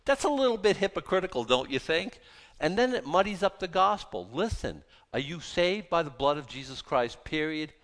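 A man delivers a sermon with zeal and passion, often dropping into sarcastic asides. His voice sits a little high and swoops with lively changes in pitch. The sound carries a long reverb, as in a church sanctuary. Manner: passionate, zealous, with mocking asides. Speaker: pastor.

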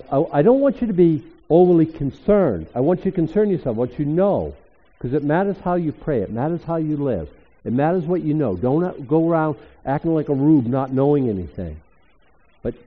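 Older pastor preaching in echoey hall. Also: male voice, on the high side, slightly rough. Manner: animated, emphatic preaching with sudden loud rises. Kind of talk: sermon. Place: church hall. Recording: echoey hall, tinny phone-like sound.

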